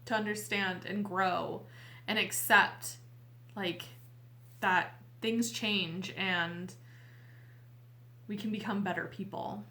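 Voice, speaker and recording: A woman host talking casually and heartfelt to her viewers, tearful and earnest, with a halting way of speaking. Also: medium pitch, fairly even intonation, sharp tone. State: weepy, tearful. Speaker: tarot reader and channel host. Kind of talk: casual heartfelt talk to camera.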